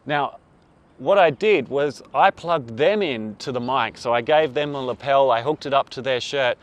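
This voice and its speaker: A man's voice: mid-range voice, normal speed. A man explaining filmmaking to camera in an upbeat, conversational teaching style, recorded on a lapel mic. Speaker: filmmaking tutor. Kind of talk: instructional video talk to camera.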